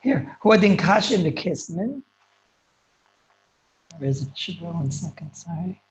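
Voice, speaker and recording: Rabbi lecturing students, high voice, rapid and stop-start, English laced with Hebrew and Yiddish terms. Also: male voice, animated, muffled recording. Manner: quick, halting delivery with many restarts. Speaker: rabbi teaching a class.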